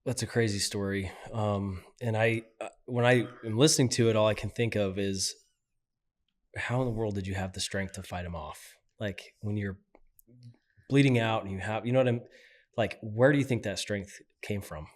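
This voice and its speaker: A male podcast host asks curious questions in a soft, lowish voice. He sounds a little distant from the mic. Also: fairly even intonation, moderate pace. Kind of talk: interviewing.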